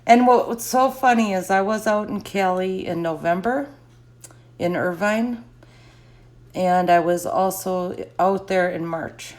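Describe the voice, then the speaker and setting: A woman's voice: mid-range voice, unhurried, a little mellow. A middle-aged woman chatting casually and answering live comments, laughing often.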